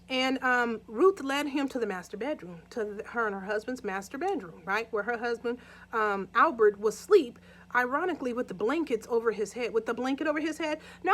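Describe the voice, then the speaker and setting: A woman casually retelling a true crime story for her viewers in a chatty way, often asking them "right?" and "okay?" and acting out scenes from it. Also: fairly high pitch.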